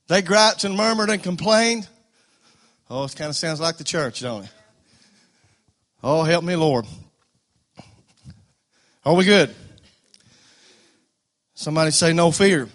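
A male pastor preaching a fervent sermon, stumbling over repeated words and building to loud declarations. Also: high voice. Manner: fervent, repetitive stammering restarts, rising to loud declarations.

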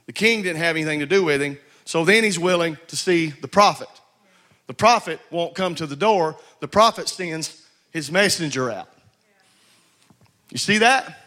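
Brief: a male pastor preaching with a tense, forceful edge and stumbling repetitions. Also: on the high side, lively intonation, normal speed. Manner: exhorting, repeats and stumbles over words, calls for responses. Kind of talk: sermon.

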